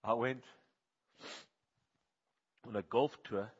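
Husky-voiced male preacher, hushed to loud. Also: medium pitch, fairly even intonation, takes it slowly, dull audio. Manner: questions the congregation, swings between hushed and loud. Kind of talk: sermon.

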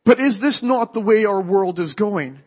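High-voiced man, Canadian, storytelling sermon, echoing hall. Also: animated, moderate pace, a little mellow. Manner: storytelling, repeats words when starting a phrase. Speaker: lay preacher. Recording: dull echoey hall sound.

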